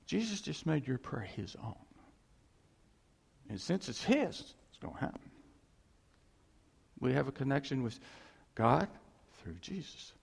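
Gravelly, animated preacher man. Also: fairly high pitch, long reverb tail. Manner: conversational, repeats phrases for emphasis. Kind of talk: sermon.

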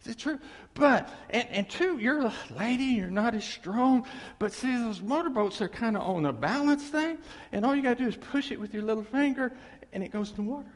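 A man preaching a sermon in a folksy, animated way, acting out noises. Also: very high voice, fairly quick, in a large hall. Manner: folksy, animated, imitates motor sounds. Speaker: pastor.

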